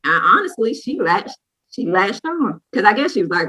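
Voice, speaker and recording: A woman, co-hosting a casual chat and telling a lively personal story, acting out what people said. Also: mid-range voice, normal speed, breathy edge, poor audio. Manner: lively storyteller who acts out quotes. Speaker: co-host sharing a personal story.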